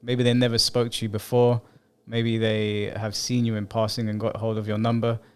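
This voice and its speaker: A man's voice: lowish voice, completely flat delivery, moderate pace, clear, resonant tone. A man co-hosting a casual podcast chat, reading messages aloud with sarcastic asides and laughter. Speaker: podcast co-host.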